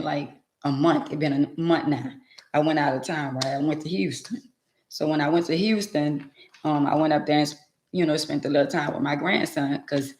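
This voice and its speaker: A woman's voice: deep voice, a little mellow. An older woman hosting a casual live-stream chat. She talks in a folksy way and leans on emphatic rhetorical questions. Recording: echoey room.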